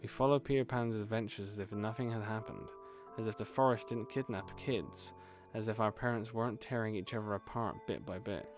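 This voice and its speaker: Low-voiced man reading a horror game aloud. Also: steady tone, brisk, few pauses, over music. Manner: casual, swears in asides. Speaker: gaming streamer. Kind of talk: reading a horror visual novel aloud with asides.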